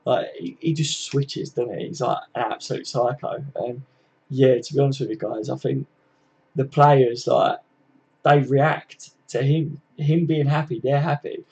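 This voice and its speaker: A gravelly, husky-voiced man talks casually on a live stream. He chats loosely, swears freely and answers viewers as he goes. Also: medium pitch, fairly even intonation, unhurried, darkish tone, highs cut off. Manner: chatty, sweary, reads out viewer comments. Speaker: livestream host. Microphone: computer mic, live stream.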